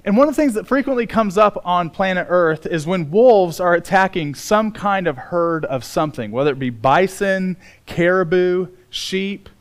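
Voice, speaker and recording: Pastor, middle-aged man, sermon delivery; higher-pitched voice, earnest and emphatic, stretches out the important words. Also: expressive, normal speed, hardly any pauses.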